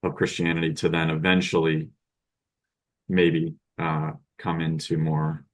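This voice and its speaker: Deep-voiced man, halting and hesitant. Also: little pitch movement. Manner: hesitant, many filler words. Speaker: podcast guest. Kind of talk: casual conversation.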